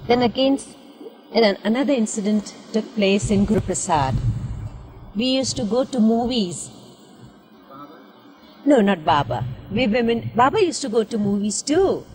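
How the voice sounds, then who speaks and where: Slow-speaking older woman recalling stories. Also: a little high, lively intonation, darkish tone. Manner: slow, storytelling, devout. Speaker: interviewee. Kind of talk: recollecting in an interview. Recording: 1970s film interview with reverb.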